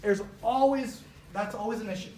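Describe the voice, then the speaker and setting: A woman giving a casual motivational training talk to a live office audience, animated and chatty, filling her speech with "like" and acting out little quotes. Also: mid-range voice, moderate pace. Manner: animated, chatty, heavy use of "like", acts out quotes. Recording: roomy live room with faint noise.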